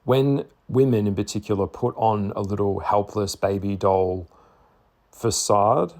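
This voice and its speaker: A man talking bluntly to camera in a casual monologue, swearing freely and stressing his points with slow, repeated words. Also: on the low side. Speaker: spiritual vlogger.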